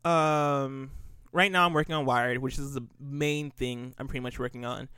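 A man's voice: mid-range voice, fairly even intonation, moderate pace, pushed and bright, smooth, dry recording, clean studio sound. A man in casual podcast chat, plugging his shows with a rambling, filler-heavy, laid-back manner. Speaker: podcast co-host.

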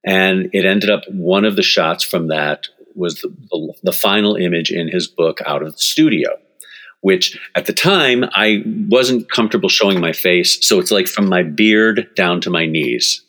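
A man in his sixties, a book author being interviewed, telling lively personal stories, laughing often and acting out what others said. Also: low voice, moderate pace. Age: 60s. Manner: animated, laughs often, acts out quotes. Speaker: author and guest. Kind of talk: storytelling in interview.

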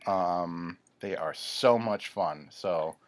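A man co-hosts a podcast and explains things slowly and carefully. His voice sits a little low, and he leans on fillers while he thinks. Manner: slow, thoughtful, hesitant with fillers. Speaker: podcast co-host. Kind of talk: casual podcast chat.

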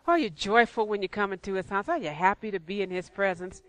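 A woman's voice: medium pitch, animated, fast, no echo. A woman preaching in church, conversational and repetitive, with rhetorical questions. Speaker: church speaker. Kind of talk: sermon.

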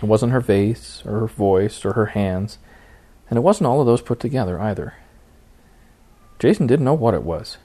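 A man reading a novel aloud as its narrator, in steady storytelling. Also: fairly low pitch. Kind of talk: audiobook narration.

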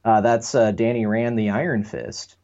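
A man's voice: fairly low pitch, little pitch movement, moderate pace, a little mellow, highs cut off. A man from the United States co-hosting a podcast, chatting casually and rambling through strong opinions with some self-deprecation. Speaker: podcast co-host. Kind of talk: casual chat.

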